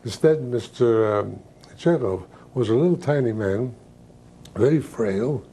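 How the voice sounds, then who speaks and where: A man's voice: medium pitch, animated, measured pace, mellow, a little hiss or hum. An older man recalling his youth in an interview, chatty and self-deprecating. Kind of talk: reminiscing interview.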